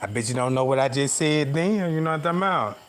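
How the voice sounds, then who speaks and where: A man with a high-set voice streams from outdoors at night on his phone. He tells a winding comic tale in loose, slangy talk and keeps asking his listeners whether they follow. Faint crickets and a soft hiss of night noise sit behind him. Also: expressive, fast. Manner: rambling, slangy, keeps asking "you know what I'm talking about". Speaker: livestreamer. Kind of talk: casual comic storytelling to viewers. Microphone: phone camera.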